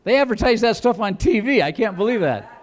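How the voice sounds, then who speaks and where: Guy doing stand-up in a club, kinda high voice, rambling jokes, chatting w the crowd. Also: a little fast. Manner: rambling, animated storytelling, bursts into loud put-on voices. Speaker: stand-up comedian. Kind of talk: stand-up comedy set with crowd work. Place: comedy club stage.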